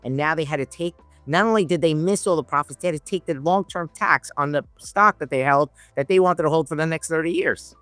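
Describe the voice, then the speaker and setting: Speaking quickly with hardly any pauses, this options trader on a podcast tells a rambling story full of restarts and acted-out quotes. His voice is a little high, a bit bright, and clean, on a dry recording with faint background music.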